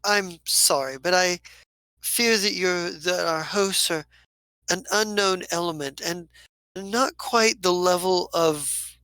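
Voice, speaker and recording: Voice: medium pitch, slow pace, pushed and bright, no echo, pitched above the performer's own voice, rough recording. A game master voicing a snobbish elf woman who speaks primly and hesitantly.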